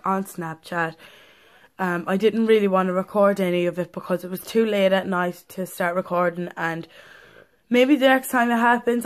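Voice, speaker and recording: A woman chatting in a casual vlog, telling a story in a rambling, breathless way with many fillers. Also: mid-range voice. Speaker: vlogger.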